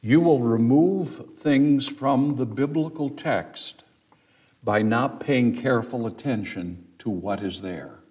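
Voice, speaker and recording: A man's voice: medium pitch, takes it slowly, darkish tone. A man teaching a Bible study sermon, reading scripture aloud with dramatic emphasis.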